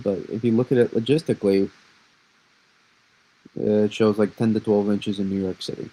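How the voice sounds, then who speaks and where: A man's voice: fairly low pitch, steady tone, fairly quick, dark tone, poor audio. A man casually breaking down a snowstorm forecast on a live stream, rambling and answering viewer questions as he goes. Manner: chatty, rambling, restarts and answers chat.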